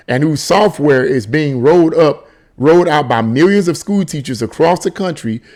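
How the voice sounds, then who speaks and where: A man reads a news article aloud and keeps stopping to pick it apart in sarcastic asides. He stumbles and restarts often, repeating words as he hunts for the point. His voice sits a little higher than most men's. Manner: frequent restarts and stammered repeats. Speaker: political commentator reading an article. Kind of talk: casual commentary on a news article.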